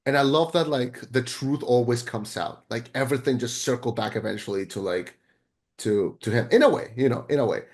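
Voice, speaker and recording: A man co-hosting a podcast, chatting casually and excitably about a film, rambling with frequent restarts and casual swearing. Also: mid-range voice, brisk. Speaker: podcast co-host. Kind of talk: casual film review chat.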